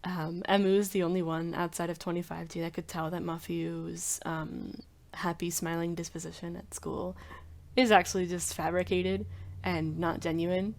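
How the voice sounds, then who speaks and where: A woman's voice: on the low side, little pitch movement, normal speed, creaky. A woman rambling casually in a commentary video, filling her talk with frequent "like"s. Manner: rambling, heavy use of "like" fillers. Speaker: video creator.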